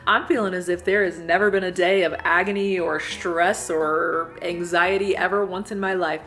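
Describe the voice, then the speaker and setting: A young woman vlogger telling a comedic personal story in an animated way, swearing freely and acting out the people she quotes. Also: lowish voice, normal speed, faint music behind. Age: young adult.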